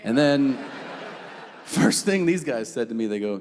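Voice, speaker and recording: A man doing a stand-up comedy set on stage, telling profane, animated stories and breaking into shouted impressions. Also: medium pitch, a little slow. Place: comedy stage before a live audience. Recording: reverberant venue with faint room noise.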